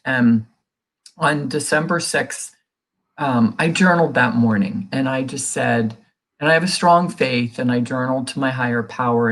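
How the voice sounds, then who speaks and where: A middle-aged woman, a guest in an interview, telling a personal story in an earnest, conversational way and acting out what people said. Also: a bass voice. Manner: earnest, reenacts quoted dialogue in her telling; many fillers and restarts, conversational. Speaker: guest sharing a recovery story.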